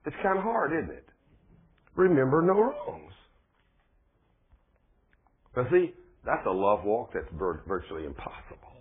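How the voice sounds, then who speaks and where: Husky preacher man on a thin line. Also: lowish voice, wildly swooping pitch, a little fast, hardly any pauses. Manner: folksy, conversational preaching with plain speech and rising emphasis. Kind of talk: sermon. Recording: phone-like, thin lo-fi recording.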